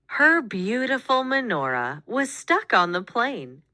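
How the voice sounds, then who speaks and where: A woman reading a children's picture book aloud, with expressive, animated storytelling. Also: a little high, slow pace, no room sound, clean studio sound. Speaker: storybook reader.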